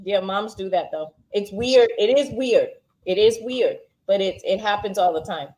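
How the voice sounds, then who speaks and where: A woman with a medium-pitched, darkish voice co-hosts a casual review of a TV episode at normal speed. She firmly explains her view and pushes back on her co-host, though the audio is poor.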